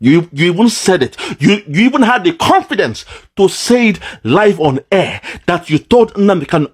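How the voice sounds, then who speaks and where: A man giving an impassioned commentary, swinging between loud outbursts and low, mournful asides. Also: big pitch swings, moderate pace, hardly any pauses, husky. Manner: dramatic, swings between shouting and low lament. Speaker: political commentator. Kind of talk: impassioned monologue.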